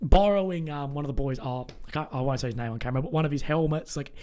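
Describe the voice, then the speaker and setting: Young aussie guy yarning away casually, voice sits a bit high, loads of likes and ums. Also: fast, warm tone. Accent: Australian. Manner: chatty storytelling, many fillers. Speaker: host. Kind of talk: casual chat.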